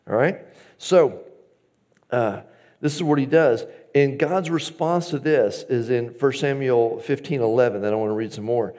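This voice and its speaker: Brief: male pastor, sermon delivery, average pitch, shifts between loud emphasis and soft asides, acts out quotes. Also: normal speed. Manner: acts out quoted lines from scripture.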